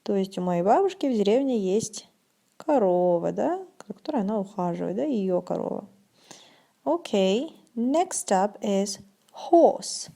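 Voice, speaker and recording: A woman teaching an English vocabulary lesson, saying each word slowly and clearly, then translating it. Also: mid-range voice, expressive, warm tone. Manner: slow, deliberate pronunciation drills.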